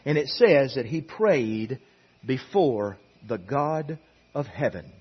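A man preaching a sermon in a church, moving from quiet asides to emphatic repeated lines, on a dull lo-fi recording. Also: mid-range voice, expressive, slow pace, breathy edge. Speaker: pastor. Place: church sanctuary.

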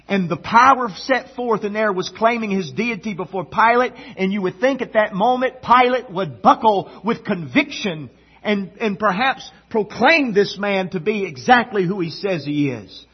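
A man preaching a sermon with a dramatic delivery, swinging between loud emphasis and hushed low tones. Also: lively intonation, normal speed, breathy edge. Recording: dull lo-fi sound.

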